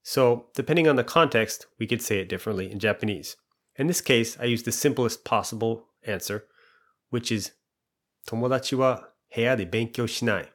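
A man teaching a language lesson in a calm, even-paced way, laying out each point clearly. His voice sits at an ordinary middle pitch, and he pauses to ask quiz questions before walking through the answers. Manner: patient, clear step-by-step explanations with quiz questions.

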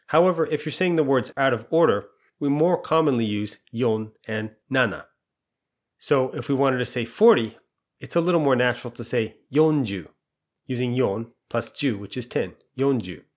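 A man teaching a language lesson in a calm, even-paced way, laying out each point clearly. His voice sits at an ordinary middle pitch, and he pauses to ask quiz questions before walking through the answers. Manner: patient, clear step-by-step explanations with quiz questions.

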